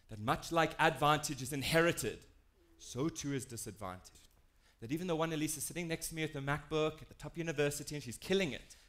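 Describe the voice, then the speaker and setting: Animated South African man telling a story. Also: mid-range voice. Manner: animated, self-deprecating storyteller with lively shifts in tone. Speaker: diversity and inclusion speaker. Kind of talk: storytelling talk to an audience.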